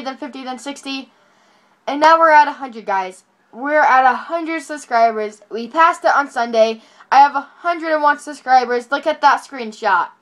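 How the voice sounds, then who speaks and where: High-voiced woman vlogging into her phone from bed, excited, rambly, keeps correcting herself. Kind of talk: casual vlog talking to camera. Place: on a bed at home. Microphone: phone camera.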